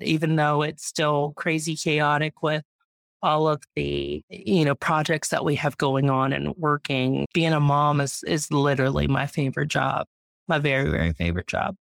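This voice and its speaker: A woman in her thirties, a guest, chatting proudly and warmly about her homestead and her family. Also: deep voice, steady tone, normal speed, gravelly, no echo, clean studio sound. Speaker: guest, urban homesteader and mom. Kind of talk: casual interview chat.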